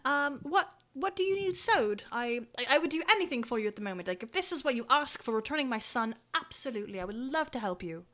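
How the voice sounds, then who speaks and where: A woman's voice: high-pitched, lively intonation, fast, hardly any pauses, fairly bright tone. A woman running a tabletop game over a video call, rambling with many likes and ums as she speaks for a townswoman. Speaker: game master.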